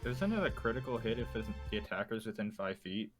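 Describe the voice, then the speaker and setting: Guy at the game table cracking jokes, pitch all over the place, music going behind. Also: very animated, brisk. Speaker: player. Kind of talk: casual chat at a game table.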